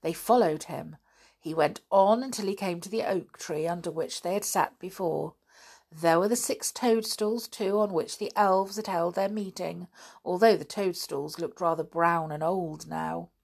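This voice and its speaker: Slow, creaky woman reading a storybook. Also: lowish voice, darkish tone. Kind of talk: reading a children's book aloud.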